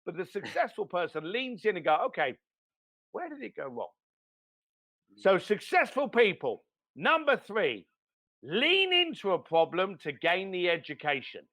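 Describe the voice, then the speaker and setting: A man giving blunt, animated business advice as a podcast guest, swearing now and then. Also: on the high side. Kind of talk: motivational business talk.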